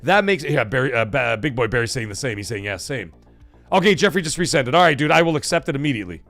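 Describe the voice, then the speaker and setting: Over soft background music, a livestream host talks fast in a medium-pitched voice with vocal fry, and there's no room sound. Excitable and cursing freely, he reads out donations from viewers, his voice catching with emotion.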